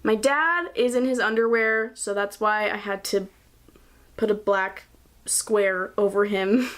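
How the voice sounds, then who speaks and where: A woman in her twenties telling a story to camera in a casual vlog, chatty and breezy, laughing between phrases. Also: mid-range voice. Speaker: vlogger.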